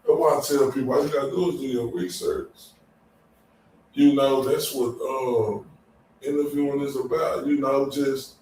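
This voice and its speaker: A man's voice: mid-range voice, steady tone, moderate pace, a little mellow, a little hiss or hum. A man hosting a casual after-show chat, loose and exclamatory, laughing often. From Dallas, Texas. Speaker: show host. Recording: very echoey room, distant mic.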